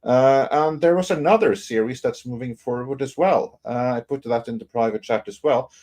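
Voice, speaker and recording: A man co-hosting a casual podcast panel, presenting news in a relaxed, rambling way full of fillers. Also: mid-range voice, moderate pace.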